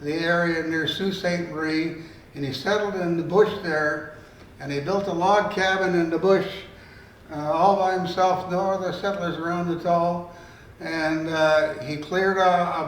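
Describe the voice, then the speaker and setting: A man in his eighties from Canada, a storyteller and author, shares meandering, down-home stories conversationally at a library event. He has a slightly high, fairly bright voice. The sound is roomy, captured by a faraway mic with a little noise.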